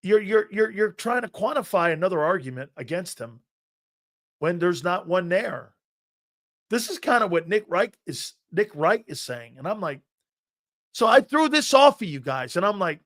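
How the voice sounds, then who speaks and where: Bright-voiced, emphatic sports talk host. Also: male voice, high-pitched, sing-song, moderate pace. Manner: emphatic, argumentative, repeats himself while building a point. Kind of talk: opinionated sports talk on a live stream.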